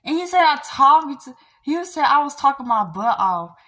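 A young woman vlogger vents to her viewers about a rejection in an emotional rant to camera. Her high, sharp voice is very animated at a normal pace, and she rambles, sighing, trailing off and laughing nervously.

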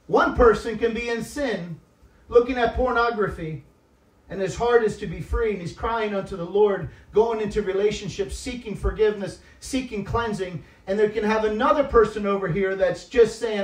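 At a moderate pace, a high-voiced guest preacher shifts from hushed, tear-tinged confessional moments to loud, insistent appeals. Recorded from afar in a reverberant church hall, his voice echoes around the space.

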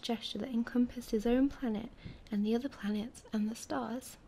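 Soft-spoken woman storyteller, high and mellow, whispered role-play. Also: fairly even intonation, normal speed, creaky, husky.

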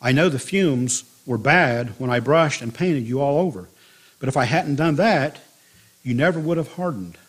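A man voicing a patient, gentle potter who speaks quietly and calmly, in a husky voice. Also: medium pitch, normal speed. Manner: quiet, calm.

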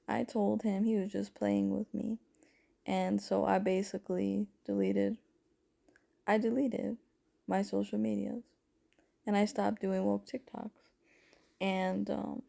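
A woman's voice: mid-range voice, creaky, warm tone. A woman telling her personal spiritual story to viewers in a rambling, emotional way, calling them folks and honey. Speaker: spiritual content creator. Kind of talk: personal testimony vlog.

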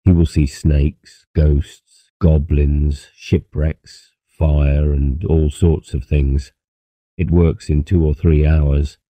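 A man's voice: very deep voice, little pitch movement, takes it slowly, mellow, dry recording. A man playing a grave, calculating ship captain who speaks formally in an audiobook.

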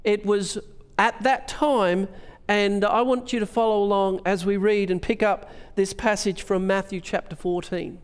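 An Australian pastor preaching a sermon, his high, smooth, resonant voice carrying long reverb through a church hall. He asks earnest questions and reads scripture aloud. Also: steady tone, measured pace.

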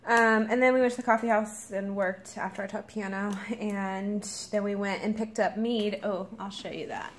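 A young woman talking casually to the camera in a personal vlog, relaxed and chatty. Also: mid-range voice, moderate pace, hardly any pauses, a little hiss or hum. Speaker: vlogger.

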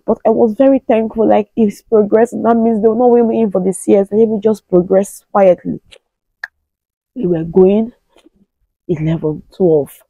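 A woman's voice: slightly rough, no echo, highs cut off. Nigerian woman in her thirties, emotional storytelling. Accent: Nigerian English. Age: 30s. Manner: animated, acts out quoted pleas in a higher voice. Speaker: vlogger.

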